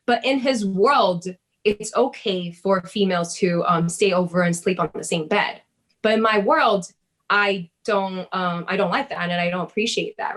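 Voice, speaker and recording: A woman telling a personal story in casual chat, lively, swearing and laughing, acting out her own past words. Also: mid-range voice.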